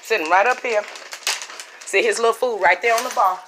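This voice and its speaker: A woman's voice: fairly high pitch, fairly quick, noisy background. Chatty middle-aged woman vlogging. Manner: chatty, talks to viewers as y'all. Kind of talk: casual home vlog. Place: living room at home.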